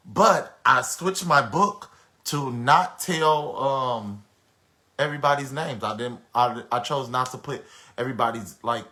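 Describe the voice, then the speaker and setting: A man with a bright, forceful voice talks casually on a live stream. He greets viewers one by one and chats loosely, with plenty of fillers. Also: medium pitch, unhurried. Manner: chatty, greets viewers by name, many fillers.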